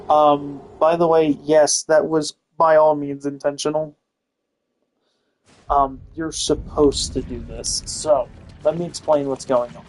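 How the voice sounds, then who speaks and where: A man's voice: a little high, a little mellow, rough recording. A young man giving casual gameplay commentary, rambling with lots of fillers and self-corrections. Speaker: gaming video host.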